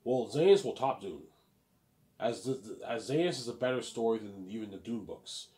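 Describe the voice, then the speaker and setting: A self-published author and vlogger rambles boastfully about his own book, swearing freely and repeating himself as he acts out imagined praise. His voice is medium in pitch with lively intonation, a normal speed, and a dark tone.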